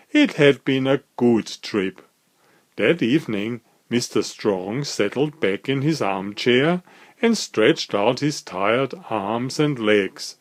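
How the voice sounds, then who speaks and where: Slow, lively man reading a storybook. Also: medium pitch. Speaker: storybook reader. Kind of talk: reading a picture book aloud.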